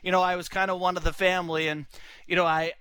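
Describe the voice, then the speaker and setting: A man's voice: high voice, level tone, fast, sharp tone, smooth, poor audio. A young man telling a long personal story in a rambling, casual way, full of "you know" and "like". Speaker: son-in-law telling a story.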